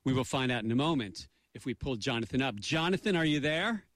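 A man's voice: mid-range voice, expressive, a little fast, fairly bright tone, no echo. Playful man co-hosting a radio show. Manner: playful, goofy, mock-pompous announcer voice. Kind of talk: jokey radio banter.

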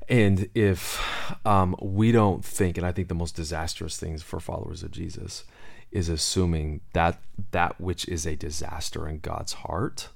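A man's voice: low voice, fairly even intonation, measured pace, gravelly. A man who is a lead pastor, speaking in an earnest, reflective podcast conversation.

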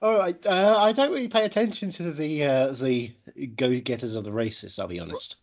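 A man's voice: fairly high pitch, animated, normal speed. A man co-hosting a podcast, chatting casually with a dry, teasing manner. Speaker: podcast co-host.

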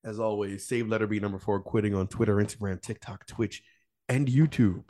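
A man's voice: fairly low pitch, steady tone, a little fast, dark tone. A man hosting a gaming podcast in casual chat, laid-back and laughing often. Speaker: podcast host.

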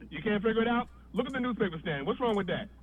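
A man's voice: high-pitched, fast talker. A man, a comedian telling a long story on a podcast and acting out the voices in it. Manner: animated storyteller, acts out voices. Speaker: guest comedian. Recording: tinny phone-like line with faint noise.

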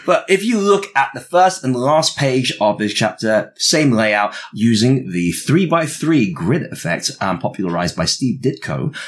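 A man's voice: mid-range voice, sing-song, a little slow, hardly any pauses. A man co-hosting a casual podcast chat, breaking down a comic book with many fillers and restarts. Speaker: podcast co-host.

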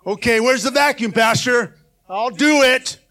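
Guy doing a bossy church helper yelling at folks to get out, high voice. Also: a little slow, heavily acted. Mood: impatient. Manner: impatient, shouting orders. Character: hurried bossy church volunteer, man.

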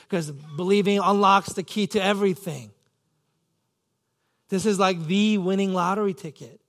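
A man's voice: sits high, moderate pace, pauses often, a bit bright. A man preaching a sermon as pastor, earnest and self-questioning, acting out his own pleading thoughts.

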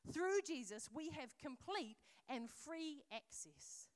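A woman preaching with earnest, conversational warmth in a fairly high voice. She moves between talking to her listeners and reading scripture aloud like a story. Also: expressive, takes it slowly.

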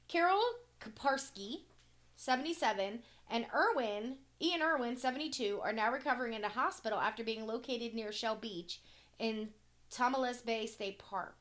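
A woman with a fairly high voice co-hosts a relaxed podcast. She reads news items aloud, tripping over words now and then, and swears offhandedly. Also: normal speed. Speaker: podcast co-host. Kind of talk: casual chat, reading news stories aloud.

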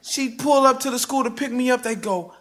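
A man performing a personal story live on stage, with a rhythmic, theatrical delivery that swings sharply in pitch and loudness. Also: fairly quick, background noise. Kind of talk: live spoken-word storytelling. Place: stage before a live audience. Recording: live stage recording with music bed underneath.

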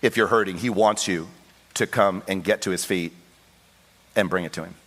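A male pastor preaching a sermon with passion, acting out the voices in the Bible story and rising to high, pleading cries. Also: normal speed, fairly bright tone. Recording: long hall reverb.

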